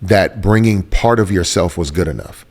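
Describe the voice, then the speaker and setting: Earnest low-voiced man telling his story. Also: normal speed, husky. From Houston, Texas. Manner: earnest, searching, repeats phrases for emphasis. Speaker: interview guest. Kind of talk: reflective personal storytelling.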